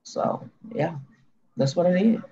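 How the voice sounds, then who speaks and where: A woman with a Cajun accent hosting a casual live stream, rambling in a folksy way with drawn-out fillers. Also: on the low side, animated, mellow, lo-fi sound, a little hiss or hum. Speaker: live-stream host reading cards.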